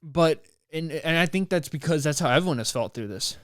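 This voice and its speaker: A young man, hosting his podcast and talking in a rambling, animated, slangy way. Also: on the high side, a little fast, no echo, clean studio sound. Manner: rambling, animated, slangy, with playful put-on voices. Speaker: podcast host. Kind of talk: casual solo podcast monologue.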